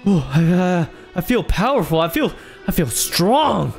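A man playing a would-be hero dad in a Minecraft role-play, excitable and jumpy, exclaiming often. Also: high voice, unhurried, creaky, faint music behind. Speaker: YouTube gamer in role-play.

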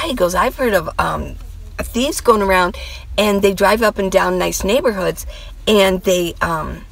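A woman's voice: medium pitch, creaky, a bit bright, no echo, low-quality recording. A middle-aged woman vlogger telling a story in a rambling, chatty way, full of asides and quoted dialogue. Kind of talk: casual storytelling vlog.

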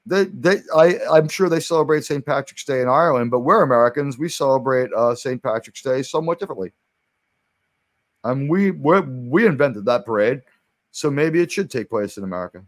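A man's voice: mid-range voice, expressive, fairly quick, dry recording. Man from New York, stream host, casual movie chat, rambling, restarts, swears, dry close sound. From New York City.

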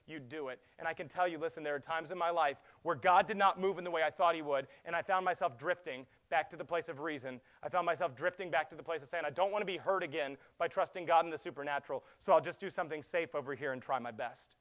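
A middle-aged man, a pastor, preaching a sermon that swings from loud urgent pleading to hushed, quiet passages. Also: on the high side, brisk.

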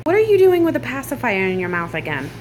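A woman's voice: on the high side, huge pitch swings, quick pace. A mother filming a casual family vlog at home, teasing playfully and laughing often. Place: at home, kitchen. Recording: home video with dishwasher noise.

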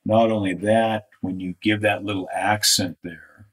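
A man with a deep, low-pitched voice walks through a live art critique. He thinks aloud as he draws, restarting his sentences as he goes. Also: fairly even intonation, a little slow. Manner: thinking aloud, restarts, talks over drawing on screen. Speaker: art instructor.

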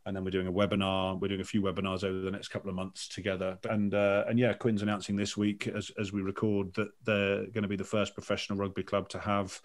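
Lively, low-voiced British-sounding man talking. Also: fast talker, few pauses. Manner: animated, emphatic, with frequent restarts. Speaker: guest broadcaster. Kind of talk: casual podcast conversation.

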